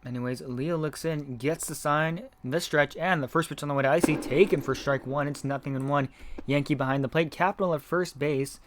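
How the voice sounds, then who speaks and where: A man doing live play-by-play commentary of a game, reading chat messages between pitches, his voice not feeling well. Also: steady tone, fairly quick, slight background noise. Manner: reads chat messages between calls, gets loud on big hits.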